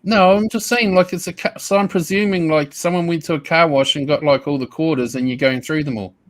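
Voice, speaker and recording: A man's voice: on the high side, steady tone. A man with a New Zealand accent talking bluntly and casually as a guest on a video call. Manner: blunt, swearing, drawn-out asides. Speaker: live chat guest. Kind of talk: casual group chat. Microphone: webcam on video call.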